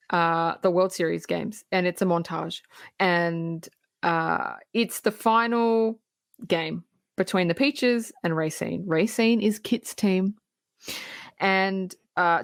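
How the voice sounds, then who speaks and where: A woman's voice: mid-range voice, no echo. Laughing woman retelling a film. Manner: animated retelling, laughing, acting out quotes. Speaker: podcast co-host. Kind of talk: casual film recap chat.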